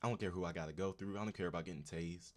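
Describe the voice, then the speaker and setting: A man's voice: sits low, very fast, darkish tone. A man hosting a casual livestream, talking straight to his chat in laid-back slang. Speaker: livestream host.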